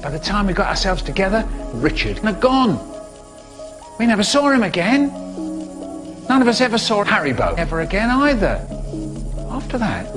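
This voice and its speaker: Animated man telling stories. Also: high-pitched. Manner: animated, expressive storytelling. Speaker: storyteller. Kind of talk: spliced comic storytelling clips.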